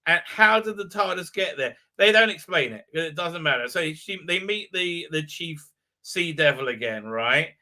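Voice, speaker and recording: Brief: male host, sarcastic rambling recap, high and very bright, piercing tone. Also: animated, normal speed. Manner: sarcastic, rambling with many fillers. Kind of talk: live-stream episode recap.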